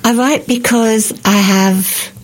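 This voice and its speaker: An older woman, a writer answering radio interview questions and reading from her book in a measured, reflective way. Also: fairly high pitch, steady tone. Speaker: author guest.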